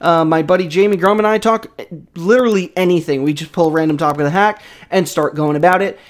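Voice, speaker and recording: A young man hosting a casual solo sports podcast. He is hyped and joking, swings a lot in pitch and loudness, and keeps throwing in self-mocking asides. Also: fast.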